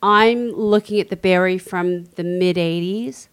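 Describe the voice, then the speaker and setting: Slow, earnest woman. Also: on the low side, clean tone. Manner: earnest, deliberate. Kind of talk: casual chat.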